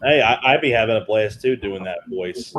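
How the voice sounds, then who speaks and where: A man co-hosting a movie podcast in casual chat, halting and repeating words, swearing casually. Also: on the low side, a bit bright, a little hiss or hum, poor audio. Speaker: podcast co-host.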